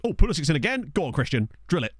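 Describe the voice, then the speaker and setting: His voice is fairly high, husky and sing-song, and he speaks very fast: a young man with a Southern English accent giving casual commentary on his gameplay while reading his chat. The desk-microphone recording is studio quality, with no echo.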